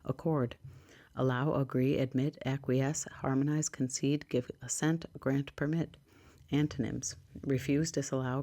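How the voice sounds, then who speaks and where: Low-key ASMR host reading word lists aloud; rough, breathy texture, dry asides, drifts into whispers. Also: warm tone.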